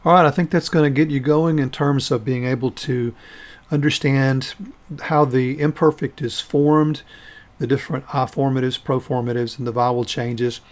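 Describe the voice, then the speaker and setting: Guy teaching a grammar lesson, patient and step by step, stops so you can repeat after him, normal pitch. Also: steady tone. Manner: patient, methodical, pauses for listeners to repeat. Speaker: Hebrew teacher.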